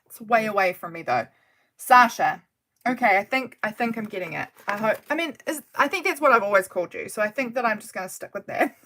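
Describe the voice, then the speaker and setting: A woman's voice: mid-range voice, animated, fast talker, sharp tone. A woman hosting a casual craft livestream from her desk at home, chatting in a rambling way and often laughing as she works. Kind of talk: casual live chat while crafting.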